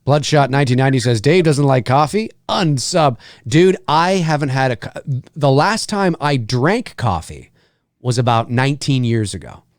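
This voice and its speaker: A man's voice: mid-range voice, moderate pace, no echo, studio quality. A man hosting a casual live movie commentary, swearing as he reacts and reading viewer comments aloud. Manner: animated, profane, reads chat questions aloud. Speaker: host.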